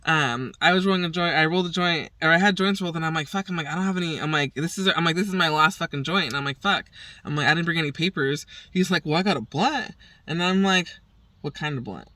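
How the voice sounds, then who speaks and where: A woman's voice: low-pitched, quick pace, sharp tone, dry recording, far from the mic. A woman hosting her own show, telling a rambling story in casual chat, swearing freely and acting out what everyone said. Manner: profane, acts out quoted dialogue, rambling. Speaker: podcast host.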